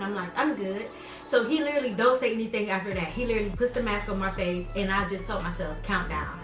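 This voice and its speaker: A young woman vlogger telling a story casually and animatedly, acting out what people said with big jumps in pitch. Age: young adult. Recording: roomy echo, voice a bit far from mic, faint music.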